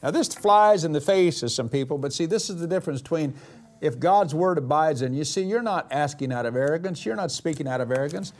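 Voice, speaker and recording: A male pastor delivering a sermon in a high, lively voice that swoops up and down. He stretches out key words for emphasis and hurries through side remarks. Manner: dramatic, emphatic preaching with slow drawn-out declarations.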